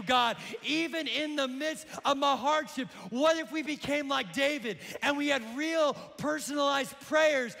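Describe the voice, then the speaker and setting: A male pastor preaching with energy, swinging from shouts to hushed lines. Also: extremely high pitch, vocal fry. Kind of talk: sermon. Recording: long hall reverb.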